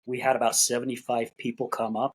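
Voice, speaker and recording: A man's voice: medium pitch, level tone, fast talker, slightly rough, rough recording. A middle-aged man, a podcast guest, telling his story in a casual, folksy way, repeating words as he gathers his thoughts and acting out bits of dialogue. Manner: acts out quoted dialogue in conversation.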